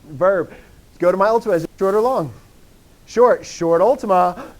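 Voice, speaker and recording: A man teaching a classroom lesson on Greek accents, drilling students with repeated questions and bursting into animated enthusiasm. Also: high voice, moderate pace. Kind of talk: classroom lecture.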